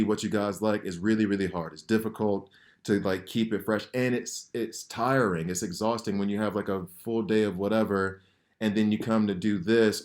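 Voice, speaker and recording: A man's voice: on the low side, darkish tone. A man hosting a gaming channel, talking in an earnest, rambling way with many fillers and restarts as he gives a heartfelt personal message, emotional at times. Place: home, sirens heard outside.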